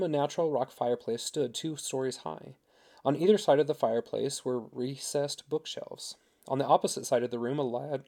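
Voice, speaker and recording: A man narrating a story in a steady, unhurried reading voice. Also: mid-range voice, gravelly. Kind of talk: audiobook narration.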